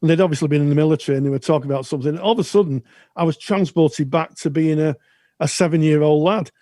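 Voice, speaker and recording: A man co-hosting a counselling podcast, speaking thoughtfully with frequent pauses and restarts. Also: a little high, warm tone, no echo, studio quality. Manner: thoughtful, halting with many restarts. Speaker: podcast co-host. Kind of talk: casual chat.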